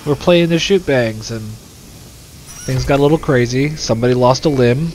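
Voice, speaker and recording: A man's voice: mid-range voice, normal speed, a little mellow, slight background noise. A young man hosting casual gameplay commentary, sarcastic and full of swearing and jokes into a desk microphone. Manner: profane, sarcastic, joking. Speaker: let's play host.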